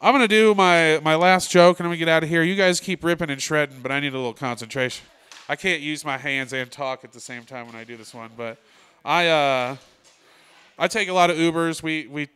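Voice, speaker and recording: Man, stand-up comic, bright crisp voice, deadpan storytelling, club stage mic. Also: mid-range voice. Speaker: stand-up comedian. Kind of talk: stand-up comedy set.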